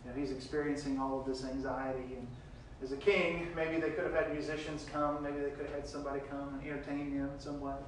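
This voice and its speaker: A man preaching a sermon, reading scripture verses aloud and retelling them with big swings between loud and quiet. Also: medium pitch, flat delivery, quick pace, few pauses, very echoey, far from the mic, slight background noise, low-quality recording.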